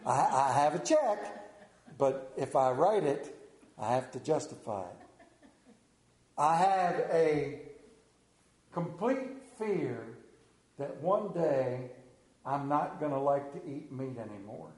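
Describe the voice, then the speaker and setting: A man preaching a folksy storytelling sermon, animated, then dropping low and slow for emphasis. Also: echoey room.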